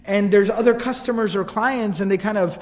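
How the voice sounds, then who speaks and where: A man telling a religious story in a lecture, in a casual, animated way, acting out the quotes. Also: high-pitched, brisk, big-room sound. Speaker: Islamic lecturer.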